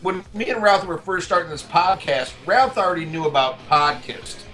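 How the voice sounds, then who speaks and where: A man's voice: high voice, animated, normal speed, a bit bright, soft background music. A man from New Orleans co-hosting a podcast, rambling and enthusiastic with many fillers. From New Orleans, USA. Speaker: podcast co-host. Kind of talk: casual podcast banter.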